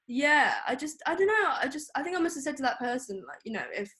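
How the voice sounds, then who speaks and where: A woman's voice: high-pitched, very animated, fast, fairly bright tone, slight background noise. Young woman, interview guest, casual and chatty, lots of "like" and "uh". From England. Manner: chatty, full of fillers and quoted dialogue. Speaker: guest photographer. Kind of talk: casual interview over a call.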